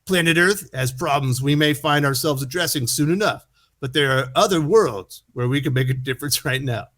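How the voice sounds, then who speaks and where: A man's voice: a little high, normal speed, fairly bright tone, lightly acted. Superman, read out by a man. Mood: commanding. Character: adult male superhero leader, steady and commanding.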